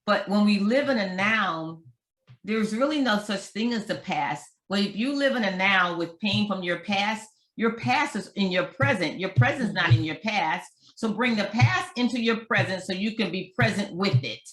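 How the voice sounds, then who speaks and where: A woman author being interviewed, speaking emphatically and slowing down to repeat her key points. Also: mid-range voice, expressive, fairly bright tone, echoey room. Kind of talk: interview conversation.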